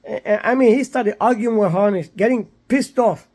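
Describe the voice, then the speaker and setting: A man's voice: sits high, normal speed, darkish tone. A man talking in a casual vlog monologue, rambling and repetitive, lecturing his viewers with many fillers and restarts. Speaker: vlogger. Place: somewhere in San Antonio, Texas.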